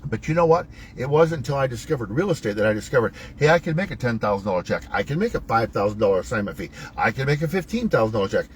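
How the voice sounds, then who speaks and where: A man's voice: medium pitch, sing-song, quick pace, hardly any pauses, slight background noise, low-quality recording. A man hosting a motivational talk, coaching viewers in a preachy, emphatic, folksy way with wide swings in his voice. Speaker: host.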